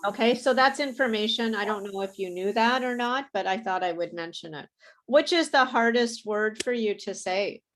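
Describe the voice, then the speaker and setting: A woman's voice: a little high, moderate pace, a little hiss or hum. A woman teaching an English pronunciation lesson, speaking patiently and repeating words for her students to copy, with a light laugh now and then. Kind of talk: live online pronunciation lesson.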